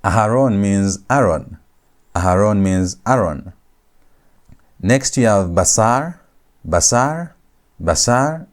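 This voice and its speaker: A man teaching a Hebrew grammar lecture, repeating each phrase slowly and stressing key words for his students. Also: lowish voice, expressive. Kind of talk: recorded classroom lecture.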